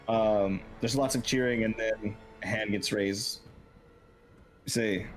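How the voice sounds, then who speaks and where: A man's voice: lowish voice, fairly even intonation, measured pace, faint music behind. A young man narrating as game master, loose and casual, often laughing and swearing.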